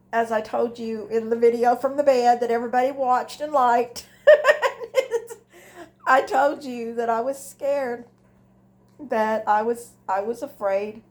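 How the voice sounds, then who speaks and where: A woman's voice: on the high side, darkish tone. Older woman, home vlog to camera, earnest and rambling, open about her feelings. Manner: candid, emotional, rambling with restarts. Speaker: grief vlogger. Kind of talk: candid personal vlog. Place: at home, indoors. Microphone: device camera.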